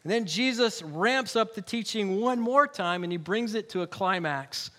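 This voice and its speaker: Guy pastor preaching, high voice, chatty and jokey, repeats words for emphasis. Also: lively intonation, normal speed, pushed and bright. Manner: conversational preaching with humorous asides. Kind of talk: sermon.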